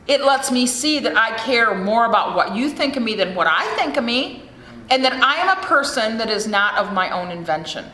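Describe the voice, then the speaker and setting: At a recovery meeting, a middle-aged American woman talks candidly and with plenty of swearing into a podium microphone. She sounds a little high and animated, with a sharp tone at a moderate pace, and the large hall adds echo and faint room noise.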